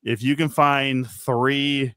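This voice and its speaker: A man's voice: medium pitch, flat delivery, slow pace, bright, forceful tone, smooth, no room sound. Man, sarcastic, foul-mouthed, self-mocking, dry close sound, video call co-host. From Minnesota. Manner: sarcastic, profane, self-deprecating. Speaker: podcast co-host. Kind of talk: casual wrestling podcast banter. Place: home, streaming live.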